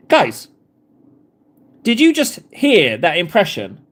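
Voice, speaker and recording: Lively playful man streaming. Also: on the high side, moderate pace. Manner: playful, joking, laughs often. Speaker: livestream host. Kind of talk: casual chat while painting models on stream.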